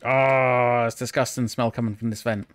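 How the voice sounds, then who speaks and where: A man's voice: on the low side, normal speed, no echo. A man streaming a social deduction game with friends, joking and laughing a lot. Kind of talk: casual gaming chat.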